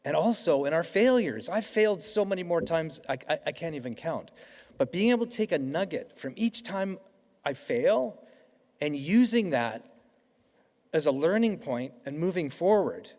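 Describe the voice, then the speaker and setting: A man's voice: on the high side, lively intonation, normal speed, a little mellow. A middle-aged Canadian man giving a convocation keynote, telling stories in a conversational way with frequent restarts. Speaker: keynote speaker. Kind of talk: convocation speech. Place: large hall. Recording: reverberant hall.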